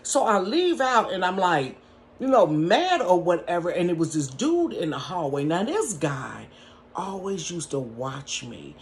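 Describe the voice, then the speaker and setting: A woman telling a personal story in a casual storytime from her bedroom, animated and laughing, talking straight to her viewers. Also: fairly low pitch, unhurried.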